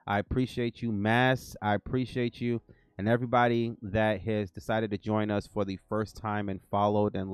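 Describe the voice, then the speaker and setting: A man's voice: fairly low pitch, clear, resonant tone, dry recording. An American man hosting a livestream, talking casually in a loose, rambling way with slang and fillers. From United States. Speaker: livestream host.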